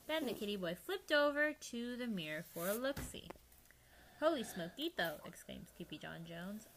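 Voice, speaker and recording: A woman reading a children's storybook aloud, lively and playful, sometimes dropping to a hushed whisper. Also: medium pitch, normal speed, a little hiss or hum, low-quality recording. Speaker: reader.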